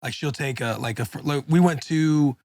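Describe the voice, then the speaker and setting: A man's voice: on the high side, normal speed, darkish tone, dry recording, clean studio sound. A young man co-hosting a podcast in casual chat, laid-back, swearing freely and saying bro and dude. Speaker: podcast co-host.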